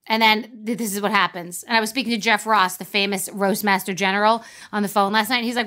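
A woman's voice: medium pitch, steady tone, a little fast, sharp tone. A woman hosting a podcast, telling a rambling comic story with many asides, then introducing a guest. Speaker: podcast host.

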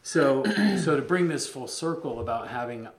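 A man's voice: medium pitch, lively intonation, moderate pace, vocal fry, reverberant, crowd noise. A middle-aged man candidly telling a personal story as a podcast guest, earnest and openly emotional, with frequent ums.

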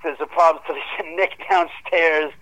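A man telling a story in a casual, animated way that grows heated as he goes. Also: fairly high pitch, moderate pace, rough recording. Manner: animated, gets heated retelling events. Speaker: guest homeowner telling a story.

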